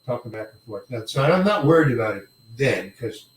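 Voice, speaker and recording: In an interview, an older male actor tells a story from his career in a halting, rambling way, often repeating words and chuckling. His mid-range voice swings widely in pitch. The mic sits far off, giving the recording a roomy echo.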